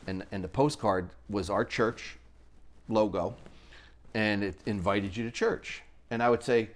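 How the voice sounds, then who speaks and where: A man's voice: lowish voice, unhurried. A middle-aged man, a business owner on a podcast, telling a personal story in an earnest conversational way and acting out what others said. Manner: earnest, acts out quoted dialogue.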